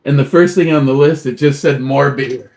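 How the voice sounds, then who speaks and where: A man's voice: fairly high pitch, fairly even intonation, a little fast, mellow. A man co-hosting a casual beer show, recounting stories in an easygoing way with bursts of quoted exclamations. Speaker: co-host of a beer review show. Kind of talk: casual banter, storytelling.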